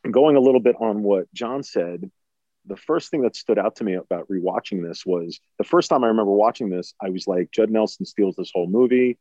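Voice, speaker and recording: A man's voice: fairly low pitch, a little fast, warm tone, no echo. A man in his forties on a casual film discussion podcast, building long points with restarts. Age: 40s. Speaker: podcast co-host. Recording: dull lo-fi sound.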